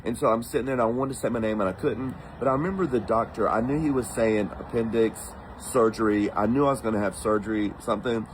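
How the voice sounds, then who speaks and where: A man from the United States telling a personal story in a casual, animated way, acting out the voices of the people in it. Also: mid-range voice, fast, few pauses, slight background noise, poor audio. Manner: animated, acts out quoted voices.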